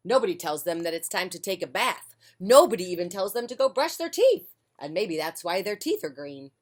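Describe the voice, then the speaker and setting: A woman reading a children's picture book aloud on a porch, with a gentle, friendly delivery. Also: on the low side, very animated, brisk. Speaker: children's storyteller.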